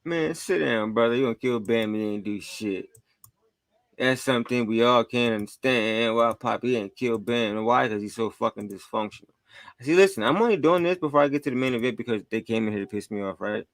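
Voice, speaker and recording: A man's voice: mid-range voice, fairly quick, no room sound. Taunting male podcast host, dry sound. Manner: taunting, scolding listeners. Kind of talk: heated commentary on played clips.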